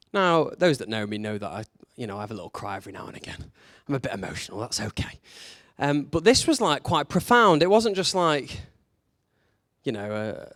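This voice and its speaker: A man's voice: a little high, dry recording, studio quality. A man preaching a sermon in a conversational, candid way, leaning into emphatic rhetorical questions.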